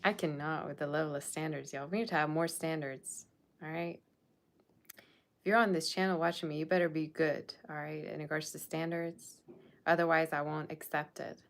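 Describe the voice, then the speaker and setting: A woman's voice: low voice, fairly even intonation, moderate pace, creaky. A woman tarot reader talking casually to her viewers, blunt and sassy, scolding them about their standards. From Persian Russian background. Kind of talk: casual tarot reading monologue.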